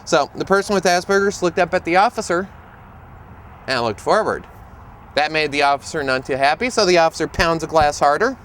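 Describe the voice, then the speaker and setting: A man, an autism speaker and educator, tells stories in a humorous, lively way while presenting to camera outdoors. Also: a little high, a little fast, slight background noise.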